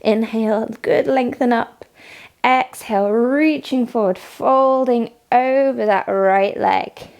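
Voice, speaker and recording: A woman leading a morning yoga class, giving calm step-by-step cues and frequent praise. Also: a little high, slow. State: has the hiccups. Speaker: yoga instructor. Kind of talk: guided yoga class instruction.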